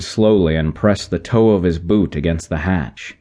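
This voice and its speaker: Man, audiobook narration, very deep voice, measured delivery. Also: warm tone. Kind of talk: scripted narration.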